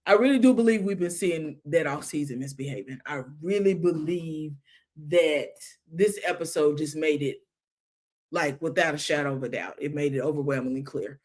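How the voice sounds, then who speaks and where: A woman with a Southern American accent hosting a casual review chat, animated and laughing often, full of slang. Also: sits low, normal speed. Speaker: reality show review host.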